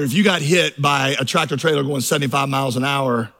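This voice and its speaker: A man's voice: mid-range voice, brisk, hardly any pauses, a bit bright. A middle-aged male pastor preaching a sermon, telling stories and building to fervent, rising crescendos.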